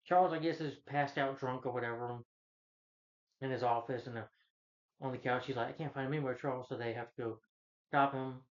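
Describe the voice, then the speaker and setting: Male film reviewer, casual rambling rant, fillers and exasperation, average pitch, muffled lo-fi sound. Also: steady tone, normal speed, long pauses. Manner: rambling, full of "you know" fillers, exasperated.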